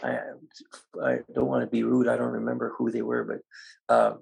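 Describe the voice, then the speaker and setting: An older man, a guest in an interview, telling animated stories and acting out the voices of people in them. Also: medium pitch, normal speed, gravelly. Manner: animated, acts out quoted voices. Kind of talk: storytelling in an interview.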